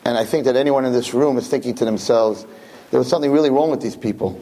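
A man giving a Torah class to a room of listeners, reading Hebrew verses and translating them, animated and acting out the dialogue. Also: fast talker. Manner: animated, acts out dialogue with big pitch swings. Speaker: Torah teacher. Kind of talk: Torah class lecture to a live audience.

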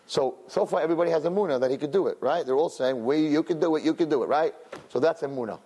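A man teaching a religious lesson through a story, talking in an animated way with many "you know" and "right?" asides. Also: fast, breathy edge. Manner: acts out crowd voices in high, loud bursts.

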